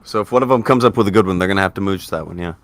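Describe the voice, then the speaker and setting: A man's voice: sits low, racing, slight background noise. A man hosting a casual commentary chat, blunt, profane and exasperated. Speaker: host.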